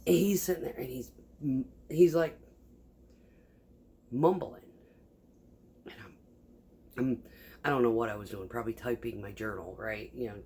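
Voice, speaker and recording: Woman vlogger, low voice, casual rambling kitchen chat, profane and laughing. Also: normal speed, pauses often, mellow, slightly rough. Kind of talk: casual chat while sewing. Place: home kitchen.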